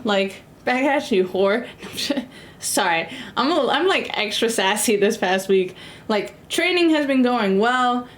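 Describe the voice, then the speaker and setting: A young American woman chatting casually with viewers while she cooks, sassy and rambling with lots of fillers. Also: fairly high pitch. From United States. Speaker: streamer cooking and chatting with viewers. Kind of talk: casual live-stream chat.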